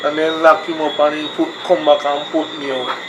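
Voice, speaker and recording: A man's voice: a little high, flat delivery, normal speed, natural voice. A man with a Jamaican accent playing a boy put out of his home, pleading in patois. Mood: explaining. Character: sulky Jamaican boy seeking shelter, pleading. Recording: noisy outdoor night recording, crickets.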